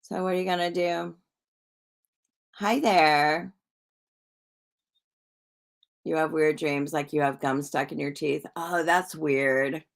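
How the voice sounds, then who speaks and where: A middle-aged woman chats on a livestream in a rambling, easygoing way, answering viewer comments as she goes. Her voice sits a little low, and she takes her time over every phrase. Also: fairly even intonation, measured pace, vocal fry. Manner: chatty and rambling, with frequent restarts and soft laughs. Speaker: psychic livestream host. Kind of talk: casual livestream chat reading viewer comments.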